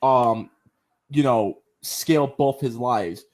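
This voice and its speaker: A man co-hosting a casual podcast, talking in an animated, slangy way and acting out lines with big jumps in pitch. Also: takes it slowly. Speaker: podcast co-host. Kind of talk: casual show review chat.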